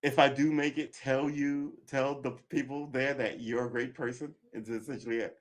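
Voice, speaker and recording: A man's voice: medium pitch, fairly even intonation, moderate pace. A man giving live political commentary, angry and sarcastic, swearing, reading news aloud and cutting in with remarks.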